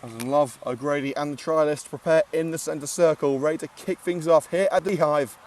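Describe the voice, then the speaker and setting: At an outdoor football ground, a man provides casual live commentary on an amateur match, chatty and joking and full of filler "uh"s. His voice is on the high side, steady, a little fast and slightly mellow, picked up from far from the mic with slight background noise.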